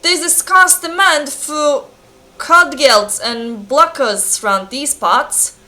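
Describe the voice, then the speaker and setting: A woman voicing a gruff, aggrieved male village blacksmith in an attempted Scottish accent, spoken slowly. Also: sits high, sharp tone, voice pushed up, full character voice. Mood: grumbling.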